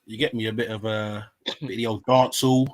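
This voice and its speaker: A man's voice: lowish voice, flat delivery, a little fast, no echo. A Jamaican man, chatting on a live panel in a laid-back, slangy way, getting defensive as he jokes. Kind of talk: casual panel chat.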